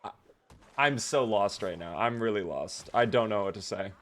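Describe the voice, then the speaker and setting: This man streams his gameplay live, bantering casually with viewers and cursing freely. He speaks at a normal speed in a lowish voice.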